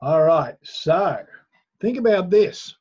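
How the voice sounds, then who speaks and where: A man runs a sales class at an unhurried pace, keeping his listeners nodding along with persuasive questions. The recording is dull and lo-fi. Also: high voice, expressive, darkish tone, slightly rough. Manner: persuasive, asks the listener for agreement. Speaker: sales trainer.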